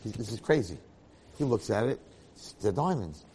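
A man giving a Torah lecture, telling a parable in an animated way and acting out the characters' lines. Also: fairly low pitch, normal speed, long reverb tail, a little hiss or hum. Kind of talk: storytelling lecture.

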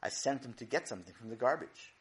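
A man's voice: mid-range voice, animated, quick pace, natural voice. A man doing a patient joking father.

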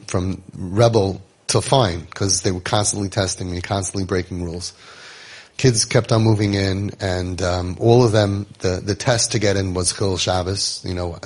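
Middle-aged man, husky low voice, lively storyteller. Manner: conversational, animated, acts out quotes. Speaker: founder of a home for troubled youth. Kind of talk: storytelling talk to parents.

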